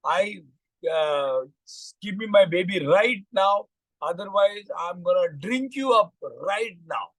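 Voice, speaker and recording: A man's voice: high-pitched, animated, takes it slowly, a bit bright, dry recording, exaggerated voice. A man with an Indian English accent voicing a fierce, determined mother bird who issues stern warnings. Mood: stern, demanding. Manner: stern warning tone, repeats threats.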